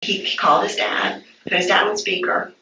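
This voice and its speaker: A woman's voice: fairly low pitch, sing-song, normal speed, sharp tone, a little hiss or hum. A woman recounting events to a detective in a police interview, hesitant and stumbling, repeating her words. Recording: muffled roomy archive interview tape, distant.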